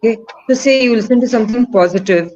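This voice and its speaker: A woman's voice: on the high side, fast talker, darkish tone, muffled recording. A woman leading an online session, asking the audience questions and praising their answers. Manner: asks the audience questions, coaxing and encouraging. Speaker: webinar presenter. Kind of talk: interactive online teaching talk.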